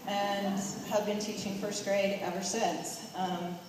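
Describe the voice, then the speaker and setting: A woman in her fifties speaks at a middle pitch as she tells her story candidly and chattily, with some hesitation. Her voice echoes from far off in a large hall, with the room's ambience clearly heard behind her. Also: little pitch movement, slow, noisy background. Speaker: first-grade teacher. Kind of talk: casual personal account at a reunion.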